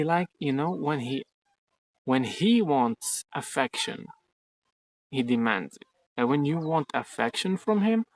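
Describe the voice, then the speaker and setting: Speaking in a medium-pitched voice with no echo, a streamer from Ukraine rambles and jokes on a casual outdoor livestream in a garden, swearing a lot.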